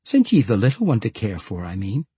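A man voicing a lively, hopeful young woman from a fantasy audiobook who talks in a folksy dialect. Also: on the low side, brisk, slightly rough, no room sound, full character voice. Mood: eager.

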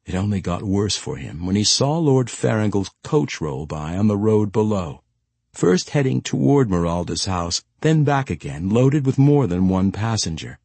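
Low husky male narrator, lively intonation, measured fantasy audiobook read. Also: no room sound. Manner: expressive, measured storytelling.

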